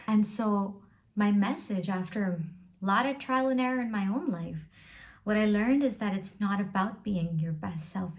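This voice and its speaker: A woman speaks to her viewers from home, earnest and emphatic. She builds each point by repeating phrases, in a motivational self-help style at a middling pitch. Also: darkish tone. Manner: earnest, repetitive, emphatic lists. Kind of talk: motivational talk to camera.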